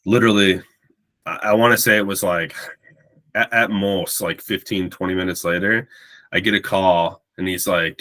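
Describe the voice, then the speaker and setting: A man's voice: deep voice, little pitch movement, normal speed, bright, forceful tone. A man, a podcast guest telling a long story in a rambling, casual way and acting out the dialogue. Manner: rambling, repeats words while recounting.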